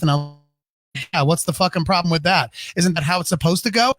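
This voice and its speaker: A man's voice: high voice, fast talker, fairly bright tone. A middle-aged man co-hosting a podcast, launching into a heated, swear-filled rant and repeating himself for effect. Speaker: podcast co-host. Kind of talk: profane comedic rant. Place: home studio during a live stream.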